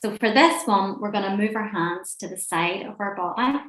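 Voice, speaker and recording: A woman leading a laughter and breathing class, gentle, playful and encouraging, speaking from a room on a video call. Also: medium pitch, normal speed, slight background noise. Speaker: laughter and relaxation session leader. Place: indoor room at home, seated near a screen. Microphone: webcam or laptop mic on a video call. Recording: roomy echoey room sound.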